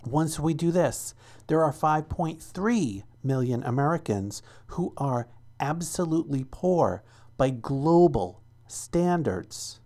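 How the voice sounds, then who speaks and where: Lively, earnest radio show host. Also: medium pitch, slow. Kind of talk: casual radio commentary between songs, reading an article aloud.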